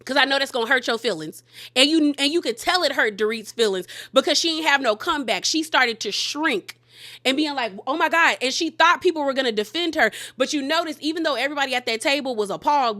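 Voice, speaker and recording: A woman's voice: sits high, sharp tone. A woman recapping a reality show in chatty, opinionated commentary, full of "like" and retold dialogue. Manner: chatty, opinionated, heavy use of "like". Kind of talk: casual commentary, retelling scenes.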